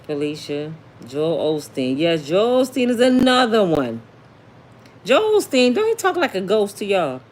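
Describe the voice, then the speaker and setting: Her mid-range voice swoops wildly in pitch at an unhurried pace, with a little hiss or hum present. As host of a celebrity gossip livestream, she chats casually and sassily, sharing viewer comments aloud.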